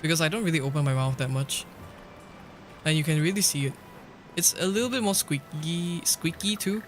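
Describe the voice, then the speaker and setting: A man with a fairly high voice chatting loosely to his stream audience, playful and quick to laugh, tossing in casual swears. Soft music plays faintly behind him. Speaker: livestreamer. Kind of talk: casual game-stream chat. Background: faint background music.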